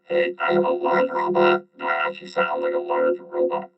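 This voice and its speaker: Large robot voice filter. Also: male voice, moderate pace, no room sound, lo-fi sound, faint music behind. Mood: playful. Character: large robot via voice changer.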